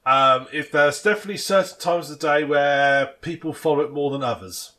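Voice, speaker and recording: A man's voice: a little high, brisk, bright, forceful tone. A man, co-hosting a casual podcast chat and rambling through self-mocking stories. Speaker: podcast co-host. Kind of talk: casual banter.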